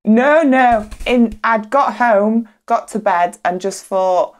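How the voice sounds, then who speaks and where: A woman's voice: a little high, takes it slowly. A woman, a podcast co-host telling a candid, funny personal story in casual chat. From England.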